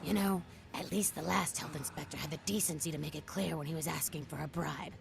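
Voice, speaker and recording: An actress voicing a weary, sarcastic old diner waitress in a video game, with a gravelly, dry delivery. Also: female voice, deep voice, steady tone, fairly quick. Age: older. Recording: faint game music behind.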